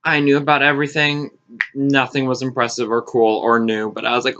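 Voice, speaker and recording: A young man tells a story to the camera, animated and sarcastic, with a bright, forward voice. He swears freely and jumps up into high, mocking voices when he quotes people. The audio is a little dull and lo-fi. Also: a little fast, smooth. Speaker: vlogger. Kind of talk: casual storytime.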